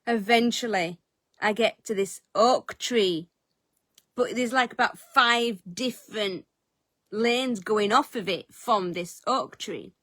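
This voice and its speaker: A woman's voice: fairly high pitch, fairly bright tone, dry recording. A woman telling a story as a vlogger in casual chat, self-mocking and swearing freely. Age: adult, eldest of three siblings.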